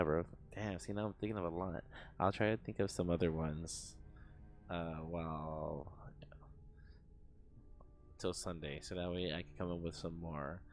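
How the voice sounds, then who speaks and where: A man's voice: sits low, creaky. A young man streaming live, telling a story in a rambling, profane way, full of fillers and sound effects.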